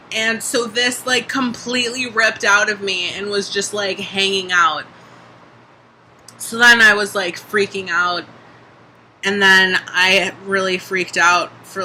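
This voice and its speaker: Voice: mid-range voice, sharp tone, a little hiss or hum, poor audio. A young adult vlogger talking casually in a video diary, chatty, full of "like" and casual swearing.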